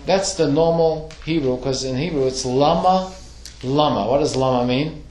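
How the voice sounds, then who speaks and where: A man's voice: on the high side, moderate pace, darkish tone, roomy sound. Man teaching a casual study class. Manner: questioning, conversational, asks the class.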